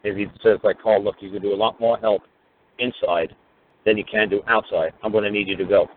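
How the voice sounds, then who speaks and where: A man's voice: lowish voice, brisk, slight background noise. A man telling courtroom stories in a casual radio monologue, swearing freely and acting out both sides of each exchange. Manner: profane, animated storytelling, acting out court exchanges. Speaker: radio talk show host. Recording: tinny phone-line radio audio.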